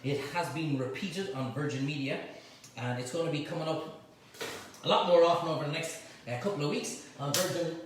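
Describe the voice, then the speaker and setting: A fairly high-pitched, brisk male voice belongs to a middle-aged Irish cooking host demonstrating a recipe live at home and bantering playfully with his helpers. Recorded from a distance in an echoey kitchen, with faint noise present.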